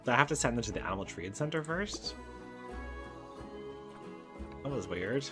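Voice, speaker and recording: A man's voice: mid-range voice, lively intonation, moderate pace. A man giving casual game commentary, chatting through each step and talking fondly to the animals on screen. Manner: chatty, narrates his own clicks and talks fondly to the animals. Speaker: gaming YouTuber. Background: game background music.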